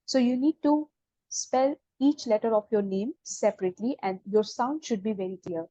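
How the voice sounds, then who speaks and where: A woman's voice: a little high, dark tone, dry recording. A woman with an Indian English accent teaching a beginners' French class, patiently explaining and quizzing students. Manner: patient, explains slowly, asks questions and corrects. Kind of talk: online language class.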